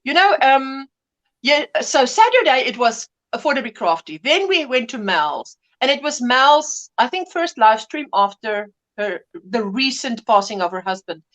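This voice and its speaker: Chatty woman in her fifties, high voice, livestream host greeting viewers. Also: big pitch swings, normal speed, fairly bright tone. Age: 50s. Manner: chatty, laughs often, drifts between greetings and stories. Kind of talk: casual chat reading viewer comments.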